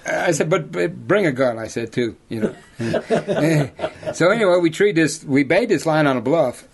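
A man's voice: mid-range voice, slightly rough. A man who works as a hunting guide, telling rambling yarns in an interview, often saying "you know" and laughing at his own stories. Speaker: lion hunter and outfitter guest. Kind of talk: storytelling in an interview.

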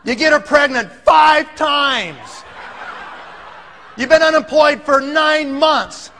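A man voicing a furious older father-in-law who blusters and shouts indignantly. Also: very high voice, unhurried, long reverb tail, a little hiss or hum, heavily acted.

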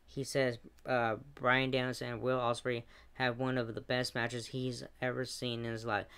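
A man recapping a wrestling show as its reviewer, retelling the action with fillers and quick asides. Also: medium pitch, monotone, a bit bright, clean tone.

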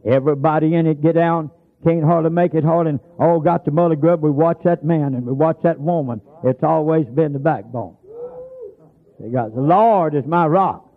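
A man's voice: a little high, fairly even intonation, moderate pace. A man preaching a holiness sermon, telling folksy stories and calling out scripture with emphasis. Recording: phone-like lo-fi sermon tape.

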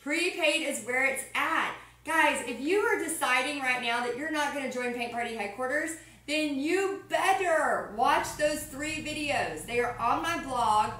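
A woman with a Texan accent chats on a live painting stream from her home art studio, upbeat and reading viewer comments aloud. Her voice sits high, animated and sharp, unhurried with hardly any pauses. The mic is distant, giving a roomy echo with her voice a bit off-mic.

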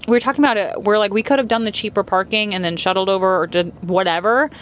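A chatty, hyper woman records a travel vlog on a handheld phone while walking around. Her voice sits at an ordinary middle pitch. Loud ambient noise runs under everything she says. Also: fast. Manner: chatty, hyper, giving tips. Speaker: travel vlogger. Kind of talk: casual vlog narration. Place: outdoors and on a busy cruise ship. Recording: noisy background ambience.

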